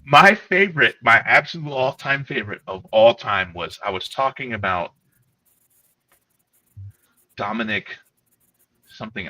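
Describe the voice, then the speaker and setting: A man's voice: on the low side, poor audio. A man co-hosting a livestream, telling rambling, profane stories in casual chat. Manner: rambling, profane, animated storytelling. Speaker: co-host.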